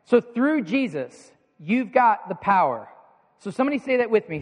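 A man preaching a sermon as pastor, energetic and playful, coaxing the congregation to repeat lines back to him. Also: high-pitched, moderate pace, soft background music. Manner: energetic, coaxes the congregation into call-and-response. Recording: long hall reverb.

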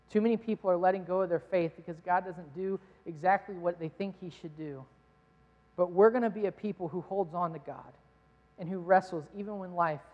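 A man preaching a sermon as pastor, telling a personal story earnestly and with many restarts. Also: sits high. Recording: dull sound in a hall with long reverb.

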